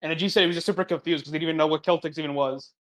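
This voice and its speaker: Fairly high-voiced young man, relaxed. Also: racing. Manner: laid-back storyteller, drawls out asides like "right?". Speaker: podcast co-host. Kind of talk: casual chat.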